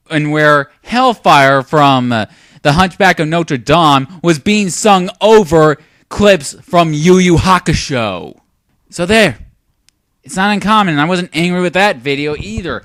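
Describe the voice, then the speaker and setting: A man's voice: fairly high pitch, fairly bright tone, no echo, clean studio sound. A young man giving a lecturing, sarcastic commentary rant on a video. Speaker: YouTube commentator.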